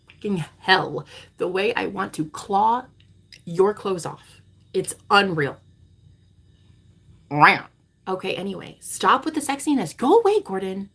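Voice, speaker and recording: A woman in her thirties, a spiritual coach, talking to her vlog viewers in a dramatic, swearing monologue that swings between loud declarations and hushed asides. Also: mid-range voice, lively intonation, a little slow, pauses often, breathy edge. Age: 30s.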